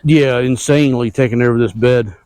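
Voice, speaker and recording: Mellow-voiced farmer rambling on outdoors. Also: male voice, medium pitch, brisk, no echo, low-quality recording. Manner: relaxed, rambling country talk with plain grammar. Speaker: homestead farmer giving a weekly garden update. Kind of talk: casual walk-through narration. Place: outdoors in a farm garden.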